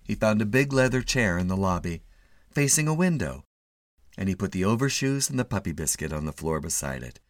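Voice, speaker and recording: A man reading a short story aloud in an expressive, measured way. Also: deep voice, no room sound. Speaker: narrator.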